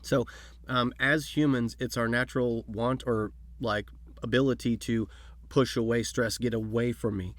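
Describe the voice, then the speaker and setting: A man's voice: mid-range voice, fairly even intonation, normal speed. A man hosting a podcast, chatting casually, joking and explaining in loose phrases. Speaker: podcast host. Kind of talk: casual chat.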